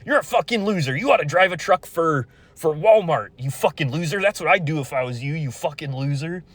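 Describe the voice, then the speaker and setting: A man's voice: expressive, brisk. Brief: young man doing a harsh old grandpa, voice jumped way up, berating and contemptuous. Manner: shrill mocking rant.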